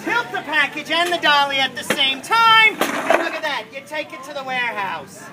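A man performing as a bossy dockworker in an outdoor comedy skit, projecting loudly and ordering his partner around over the crowd. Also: very high voice, very animated, normal speed. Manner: loud, bossy, projecting to an audience. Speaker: street performer playing a dockworker boss. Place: outdoors at a busy public venue. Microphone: handheld camera at a distance. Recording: loud crowd and street noise, distant camera.

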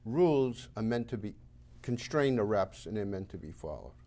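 A man's voice: on the low side, sing-song, moderate pace, mellow. A man with a Boston accent, a town moderator candidate on a local talk show, laying out his points emphatically and with confidence. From Massachusetts. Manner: emphatic, list-making, self-assured.

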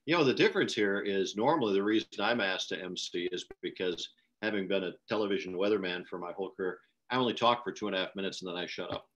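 A man's voice: low voice, fast talker, a bit bright, muffled recording. An older man emceeing a virtual gala, telling wry jokes in easy banter over a video call. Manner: wry joke-teller. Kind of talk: joking banter.

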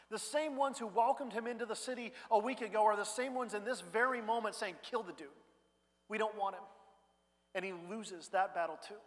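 A male pastor preaching a sermon in a conversational way, dropping quiet and then rising loud. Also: sits high. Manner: conversational preaching, swings between hushed and loud. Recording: church hall reverb.

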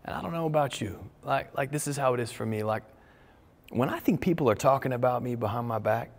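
Pastor preaching in a reverberant hall. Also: male voice, mid-range voice, brisk. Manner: conversational, personal storytelling with many restarts. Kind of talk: sermon. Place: church stage with large crowd. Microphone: stage microphone.

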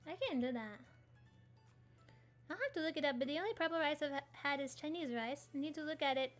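A woman's voice: high voice, brisk, faint music behind. A young woman streaming a game, chatting playfully, giggling and breaking into song lyrics and silly voices. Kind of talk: casual gaming stream chat.

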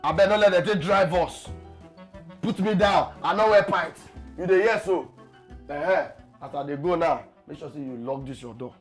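A young man with a Nigerian accent doing an excitable, pleading, scolding comedy sketch role. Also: on the high side, moderate pace, soft background music. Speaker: comic actor. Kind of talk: comedy sketch acting in Pidgin and English.

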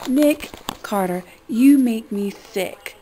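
A woman's voice: a little high, animated, slow pace, warm tone, slight background noise, rough recording. A woman vlogger talking in an upset, profane rant, shocked and ranting. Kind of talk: emotional vlog rant.

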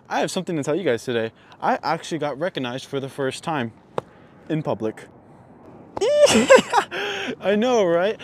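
Chatty, self-mocking man with a lively voice. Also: on the high side, noisy background. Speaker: motorcycle vlogger. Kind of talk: casual chat to camera.

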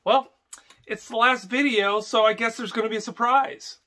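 A man's voice: very high voice, steady tone, normal speed. A young man talking casually to camera in a homestead vlog, rambling with fillers and restarts. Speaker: homestead vlogger.

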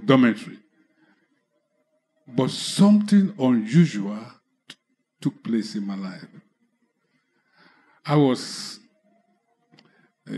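A man preaching with a Nigerian English accent, telling a personal conversion testimony slowly, with halting restarts. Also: mid-range voice, darkish tone. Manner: slow, halting storytelling with restarts. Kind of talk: testimony sermon.

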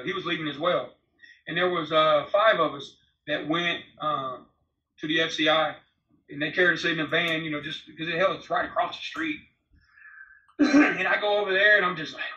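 A man's voice: a little high, fairly quick, sharp tone. A man in his forties, a former prisoner, telling his story in a blunt, profane, rambling way in a candid interview. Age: 40s. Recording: roomy, distant, slightly dull remote audio.

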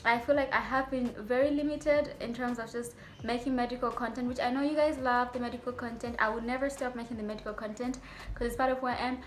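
A woman's voice: a little high, fairly even intonation, quick pace, a little hiss or hum. A young adult woman, a medical student vlogger, talking to her viewers in a chatty, rambling way with playful asides. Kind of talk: casual vlog talk to viewers.

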